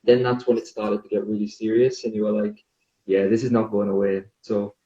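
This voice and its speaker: A man's voice: on the low side, steady tone, a little fast, mellow, echoey room, highs cut off. A man in his twenties with a northeast English accent, chatting easily as a guest on a live video call interview. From northeast England. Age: 20s. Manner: easygoing and chatty, with light laughs. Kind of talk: casual interview chat.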